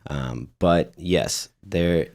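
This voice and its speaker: A man's voice: sits low, extremely slow, vocal fry, darkish tone. A young man from Las Vegas, a guest musician, telling rambling stories in casual interview chat, full of fillers. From Las Vegas, United States. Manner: rambling storytelling with many fillers and laughs.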